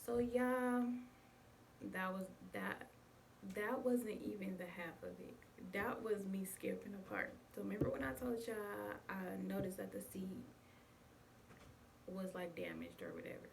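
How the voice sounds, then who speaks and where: A woman's voice: mid-range voice, lively intonation, unhurried, gravelly. A young woman chatting casually to her viewers, telling a story and calling them y'all. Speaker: vlogger. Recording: distant mic with faint background noise.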